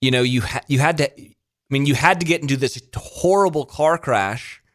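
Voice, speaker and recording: A man's voice: medium pitch, normal speed. A man interviewing a guest, asking about and recapping her story with curiosity. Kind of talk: casual interview.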